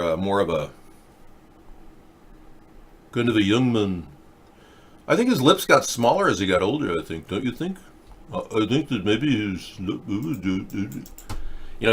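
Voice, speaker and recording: A man's voice: fairly low pitch, fairly bright tone, slightly rough. A man hosting a political talk show, chatting casually and thinking aloud with plenty of fillers and restarts. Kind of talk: rambling casual commentary. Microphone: webcam or desk mic for a video chat.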